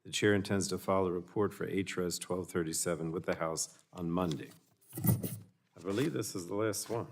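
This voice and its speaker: A man chairing a committee markup, moving through votes and procedural motions in a brisk, matter-of-fact way. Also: low voice, vocal fry, slight background noise. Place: large committee hearing room.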